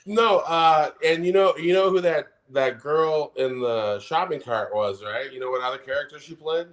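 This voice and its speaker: A man's voice: fairly high pitch, moderate pace. Profane rambling man, casual chat. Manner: profane, rambling, laughs while talking. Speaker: podcast co-host.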